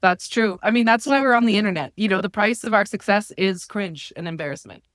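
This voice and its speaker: A woman's voice: medium pitch, brisk, a bit bright, no room sound, clean studio sound. A woman guesting on a book podcast, joking casually and often restarting her sentences. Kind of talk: casual chat.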